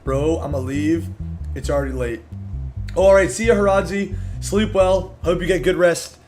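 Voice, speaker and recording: A man streaming a video game, reading and reacting in a loud, slangy, profane and excitable way. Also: a little high, moderate pace, soft background music. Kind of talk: casual gameplay commentary.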